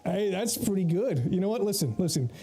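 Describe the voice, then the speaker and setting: Soft music plays behind a man livestreaming an online game in character, joking in a put-on Scottish-Irish lilt and laughing often. His voice is high-pitched, warm and husky, with lively intonation and a slightly fast pace, as he role-plays in chat.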